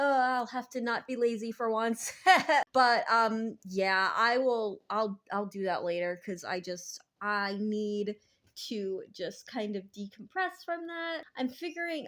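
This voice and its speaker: A woman's voice: medium pitch, a bit bright. Chatty young woman vlogging. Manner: chatty, self-deprecating, laughs often. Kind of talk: casual vlog chat.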